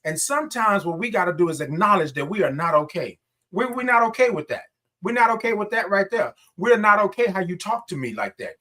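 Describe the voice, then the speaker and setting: A man's voice: high-pitched, sing-song, brisk, sharp tone. A man hosting a casual morning livestream, greeting viewers by name and stretching out his sung greetings. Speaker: livestream host.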